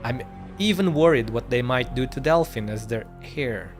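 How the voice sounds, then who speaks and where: A man's voice: mid-range voice, lively intonation, normal speed, faint music behind. A male streamer reading game dialogue aloud, stumbling over words and correcting himself as he goes.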